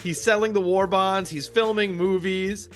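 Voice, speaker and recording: High, bright-voiced man recapping a movie. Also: steady tone, normal speed, faint music behind. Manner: recaps scenes with quoted lines and laughs. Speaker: podcast co-host. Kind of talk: casual movie discussion.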